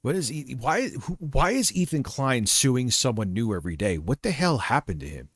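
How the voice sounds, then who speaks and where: A man's voice: medium pitch, sing-song, moderate pace, fairly bright tone, slightly rough, dry recording, studio quality. A man hosting a livestream who comments casually, rambling, crude and mocking. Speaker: livestream host.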